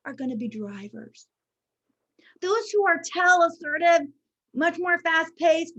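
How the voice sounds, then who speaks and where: A high-pitched woman presents a workshop, chatty and expressive, with a frequent "okay?" to check that listeners follow along. The audio is a little dull and lo-fi. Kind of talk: online training presentation.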